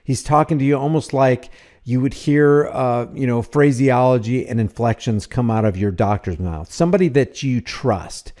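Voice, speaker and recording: Blunt, emphatic man with a mellow voice. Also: medium pitch, normal speed. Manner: blunt, emphatic, repetitive phrasing. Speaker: commentator reacting to police footage. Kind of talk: critical commentary over video clips.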